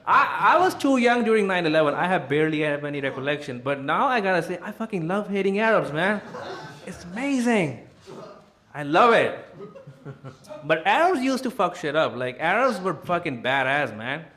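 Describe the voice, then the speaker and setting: A man's voice: high-pitched, big pitch swings, moderate pace, a bit bright. A young man, hosting a roast battle with crude, brash stand-up and crowd work from a club stage. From India. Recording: echoey club with crowd laughter.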